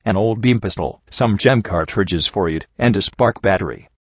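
A man reading a first-person story aloud in a steady storytelling voice. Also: on the low side, normal speed, husky, no echo, muffled recording. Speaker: audiobook narrator. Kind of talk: scripted narration of a fan story.

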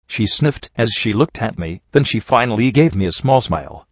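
Man narrating fan fiction, low voice, dull muffled sound, dry. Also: dry recording. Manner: steady, measured first-person narration. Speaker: audiobook reader. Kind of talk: storybook narration.

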